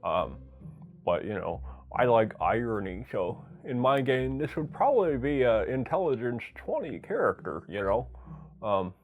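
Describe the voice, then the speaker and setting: A man's voice: medium pitch, big pitch swings, a little slow, faint music behind. A man voicing a dim-witted fellow, talking with his jaw pulled back so the sound comes out dull and muffled. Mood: dopey.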